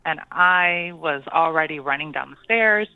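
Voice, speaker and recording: A call-in radio show caller hesitantly recounts a spooky personal story, full of pauses and ums. Dry and muffled as if over a dull phone line, the middling-pitched voice still has a clear, resonant tone with no echo.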